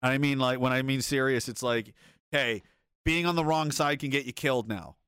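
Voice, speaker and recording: This streamer, a man from North America, reads chat in a mid-range, slightly bright, smooth voice at a moderate pace. The clean studio recording has no echo. His commentary is loose and rambling, full of swearing, frequent chuckles and restarted sentences.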